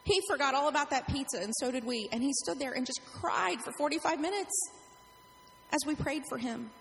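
Brief: middle-aged woman pastor, animated storytelling sermon, high voice, long hall reverb. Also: fairly quick, gravelly, slight background noise.

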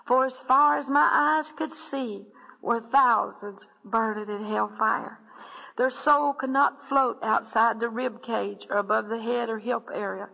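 A woman's voice: fairly high pitch, a little slow, creaky, pushed and bright, in a large hall, rough recording. A woman earnestly narrating a dramatic religious testimony, often speaking directly to her listeners. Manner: earnest, addresses listeners as "my friend".

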